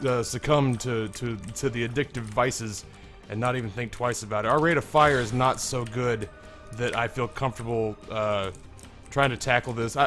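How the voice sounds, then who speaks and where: This is a young man with a hoarse, strained voice, commentating on his own gameplay as a let's play host. He rambles candidly and swears casually, sitting at an ordinary middle pitch. A little music plays quietly behind him. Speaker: gaming video host.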